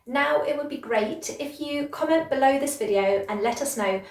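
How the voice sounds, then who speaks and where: A British woman teaching English pronunciation, speaking slowly and clearly and drawing out example words in an encouraging way. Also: high-pitched, echoey room, far from the mic. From Britain. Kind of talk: pronunciation lesson.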